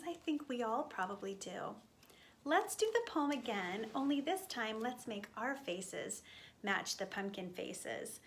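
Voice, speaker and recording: A woman leading a storytime for young children, speaking gently and with exaggerated expression. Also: a little high, slight background noise.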